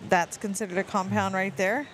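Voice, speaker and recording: A woman's voice: medium pitch, normal speed, soft background music, rough recording. A middle-aged woman from Texas with a Texas accent, co-hosting a live stream at an archery event, chatting and telling stories with frequent laughs. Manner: animated storyteller, laughs often. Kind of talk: casual chat and commentary. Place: at an archery competition venue.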